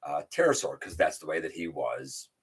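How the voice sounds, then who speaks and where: This casual livestream host rambles loosely with fillers and restarts, saying hello to viewers by name and reading their comments aloud. His very deep, husky voice swings widely in pitch at a moderate pace.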